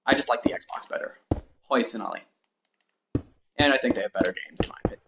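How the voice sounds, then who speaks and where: A man's voice: medium pitch, quick pace, vocal fry. A man in his early twenties chatting casually while streaming a building game, thinking aloud and rambling between tasks. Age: 20s. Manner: rambling, thinks aloud, counts blocks under his breath. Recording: noticeable background noise and clicks.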